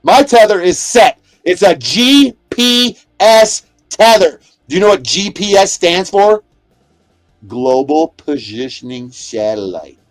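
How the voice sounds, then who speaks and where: Angry high-voiced man ranting, very dry sound. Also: sing-song, slow pace, dry recording, faint music behind. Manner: profane, aggressive, shouts at chatters. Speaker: livestreamer. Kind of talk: angry livestream rant. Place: inside a motorhome.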